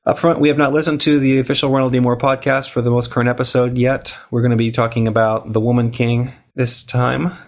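A man's voice: mid-range voice, flat delivery, fairly quick, hardly any pauses. Guy with a cold hosting a podcast, wry jokey recap, kinda muffled lo-fi sound. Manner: wry, joking delivery. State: has a cold. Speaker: podcast host. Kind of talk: casual chat and scripted recap.

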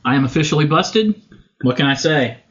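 A man's voice: fairly high pitch, animated, fairly quick, fairly bright tone, dull audio. Man co-hosting with teasing quips. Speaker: podcast co-host. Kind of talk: casual chat.

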